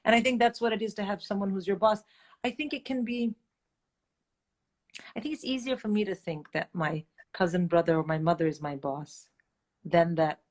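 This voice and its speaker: A middle-aged woman tells candid stories with animated, blunt energy. Her voice sits at an ordinary middle pitch, and she swears freely as she jumps between voices. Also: moderate pace. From India. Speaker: guest comedian. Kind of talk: candid storytelling chat.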